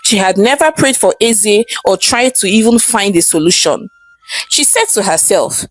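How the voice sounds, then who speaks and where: A woman with a Nigerian accent narrating a scripted folktale as a storyteller, steady and expressive. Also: medium pitch, normal speed, faint music behind, poor audio.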